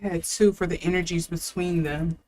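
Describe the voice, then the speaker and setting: A woman's voice: lowish voice, fairly even intonation, fairly quick, a little mellow. A young adult woman giving a casual tarot reading, thinking aloud with fillers and restarts. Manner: chatty, thinking aloud, with fillers and self-corrections. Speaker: tarot reader.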